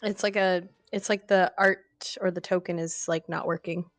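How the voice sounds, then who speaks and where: A woman playing in an online tabletop game, chatting casually and excitably. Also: on the low side, moderate pace, no room sound, soft background music. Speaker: player.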